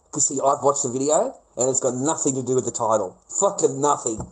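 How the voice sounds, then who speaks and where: A man with an Australian accent holds forth in a sneering, swear-filled rant, mocking the people he complains about. He stretches some words out slowly for weight, and his pitch sits in an ordinary middle register. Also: poor audio. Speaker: vlogger. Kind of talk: profane ranting monologue.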